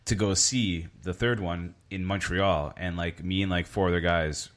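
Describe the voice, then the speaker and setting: A man's voice: sits low, moderate pace. A man co-hosting a podcast, chatting casually with a loose, filler-heavy way of talking. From Canada. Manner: relaxed, lots of "like" fillers. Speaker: podcast co-host. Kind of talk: casual chat.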